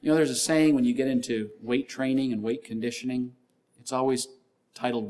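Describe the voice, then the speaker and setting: A man's voice: medium pitch, steady tone, a little fast. A male pastor delivering a sermon in an earnest way, often repeating key lines and scripture references. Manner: acts out shouting gym trainers with a louder voice.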